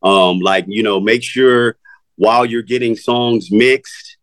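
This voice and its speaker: A man's voice: lowish voice, fairly even intonation, slow pace, a bit bright, dry recording. A man in his fifties, a music artist talking as a guest in a casual interview, laid-back and slangy, laughing often. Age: 50s.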